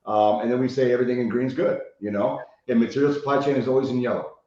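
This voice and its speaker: This Chicago man, a rehab consultant guest on a casual podcast interview, talks quickly in a mellow, medium-pitched voice with fairly even intonation. He tells stories animatedly, swears freely and tags lines with "right?", recorded in an echoey room with muffled lo-fi sound.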